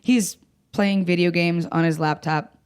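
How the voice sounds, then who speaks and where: A young adult woman comedian swaps stories in a loose, casual chat. She is blunt and profane, laughs easily and mocks herself, with a slightly low pitch. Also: fairly even intonation, unhurried, clean tone. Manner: blunt, profane, self-mocking, laughs often. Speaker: comedian guest.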